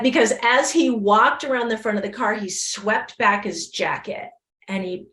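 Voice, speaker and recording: Female podcast guest, lively storyteller, mid-pitched, echoey room. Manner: lively storyteller acting out dialogue. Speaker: guest speaker.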